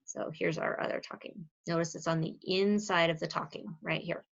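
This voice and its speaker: A woman's voice: lowish voice, steady tone, moderate pace. A woman teaching a grammar lesson on video in a chatty way, stopping to correct her own slips. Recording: slightly dull lo-fi recording.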